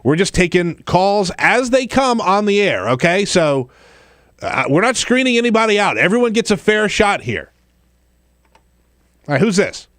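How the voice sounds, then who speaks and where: A man hosting a call-in radio talk show, animated and easily amused, laughing along with his callers. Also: high voice, moderate pace, no echo.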